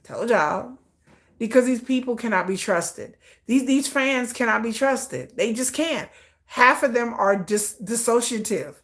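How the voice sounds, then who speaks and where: A woman's voice: fairly high pitch, lively intonation, a little slow, fairly bright tone. A woman hosting a casual livestream, ranting with profanity and acting out dramatic quoted voices. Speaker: livestream host.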